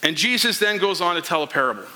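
Guy preaching a sermon, acts out the parable, high voice, echoey church hall. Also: expressive, fast, bright, forceful tone. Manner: storytelling, acting out the characters' lines. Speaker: pastor. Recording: long hall reverb.

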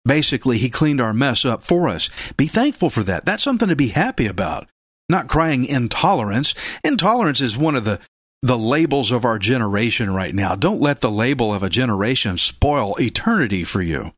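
A man preaching a sermon with emphatic delivery, repeating key phrases and breaking into sudden loud bursts. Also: mid-range voice, sing-song, a little fast, slightly rough, dry recording, clean studio sound.

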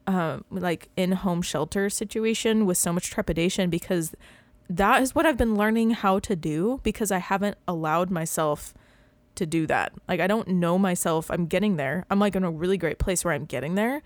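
A woman in her thirties chatting casually as a podcast co-host, rambling, filling her talk with "like" and breaking into quick laughs. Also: lowish voice, no echo. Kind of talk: casual chat.

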